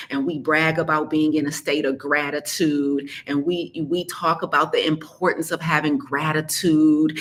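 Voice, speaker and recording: A health coach and podcast host talks straight to her listeners, sassy and emphatic, repeating points for effect in a motivational style. Her voice is low and a bit bright.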